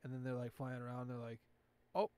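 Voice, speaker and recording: A man's voice: mid-range voice, completely flat delivery, quick pace, darkish tone, clean tone. A man hosting a podcast in casual chat, rambling and profane, with lots of filler words. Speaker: podcast host.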